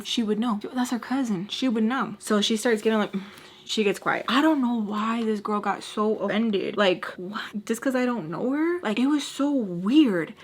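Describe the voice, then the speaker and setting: Animated young woman telling a storytime rant. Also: mid-range voice. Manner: animated, acts out quotes in voices; chatty, heavy use of "like". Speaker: makeup vlogger. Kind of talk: ranting storytime vlog.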